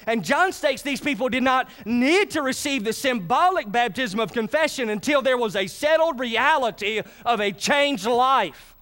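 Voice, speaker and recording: A man preaching a sermon, calling on the congregation to answer him. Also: very high-pitched. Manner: lively, calls on the congregation to answer. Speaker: pastor.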